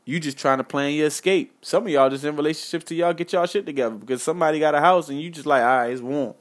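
A man's voice: fairly high pitch, quick pace. A young man giving impassioned life advice straight to his viewers. He talks in a casual, slangy way, repeats his points for emphasis and keeps calling out to "man" and "y'all.". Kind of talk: impassioned direct-to-camera monologue.

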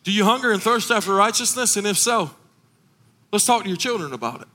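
A middle-aged man preaching a sermon as pastor, impassioned, rising into shouted, sung cadences. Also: sits high, expressive, brisk.

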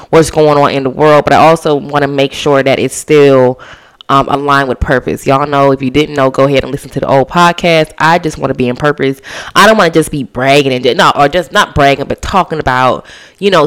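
A podcast host from the Bahamas in a casual solo chat, slangy and animated, talking straight to listeners. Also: mid-range voice, smooth.

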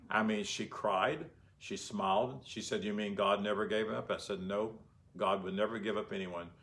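A man with a fairly low voice teaches scripture in a relaxed, conversational way. He keeps checking in with his listeners through rhetorical questions as he explains his readings. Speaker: Bible teacher. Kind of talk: informal Bible teaching.

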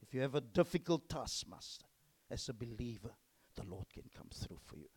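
A male pastor, preaching a sermon emphatically and swinging between loud exclamations and hushed whispers. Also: medium pitch, lively intonation, moderate pace, husky.

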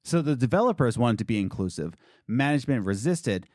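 A man hosting a casual podcast chat, talking in an animated, joking way with restarts and asides. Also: mid-range voice, brisk, no echo, clean studio sound. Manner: animated, jokey, wordy with restarts. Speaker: podcast host.

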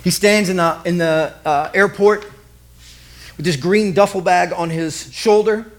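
A man's voice: sits high, a little slow. A man preaching a sermon as vivid present-tense stories, repeating key lines. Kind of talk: dramatic storytelling sermon.

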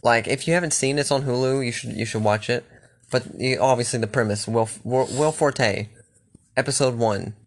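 A man's voice: medium pitch, moderate pace. A young man chatting casually and rambling, swearing freely and restarting his sentences often. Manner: loose, profane, rambling with restarts.

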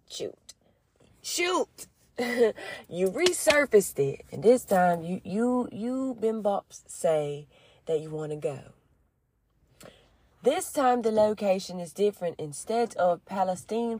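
A woman's voice: medium pitch, mellow, dry recording. Woman rambling and joking to her followers, slangy, dry close sound. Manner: chatty, slangy, rambling with asides. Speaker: vlogger and small business owner. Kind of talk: casual storytelling to followers.

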